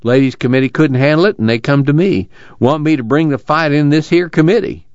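A man's voice: a little high, brisk, no room sound, pitched above the performer's own voice, natural voice. A man voicing a stout, indignant camp worker telling tales in a cussing rural drawl. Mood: grumbling. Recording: dull lo-fi dry recording.

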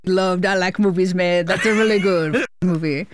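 An easygoing middle-aged male comedian, chummy and unhurried, tossing out friendly praise, as a woman imitates him. The sound is close and dry. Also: lowish voice, dry recording, natural voice. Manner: relaxed, chummy, says "man" a lot.

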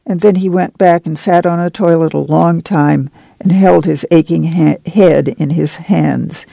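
Male novel narrator, higher than usual, steady measured delivery, dry close-miked sound. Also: creaky, no echo. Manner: measured, even reading of prose. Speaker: audiobook narrator.

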